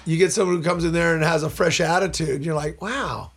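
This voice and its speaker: An older man with a high, gravelly, husky voice, worn from years of use. He tells stories in a relaxed interview, jumping into lively voices for the people in his anecdotes. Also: fast talker. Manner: animated storyteller who acts out voices in anecdotes. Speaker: voice actor and director. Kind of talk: casual interview storytelling.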